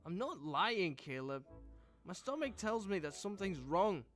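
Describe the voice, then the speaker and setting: A man's voice: sits high, very animated, a little slow, a bit bright, faint music behind, exaggerated voice. An actor voicing a sickly, sulking young male sailor who whines and refuses orders in a game. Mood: whiny. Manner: whiny, defiant.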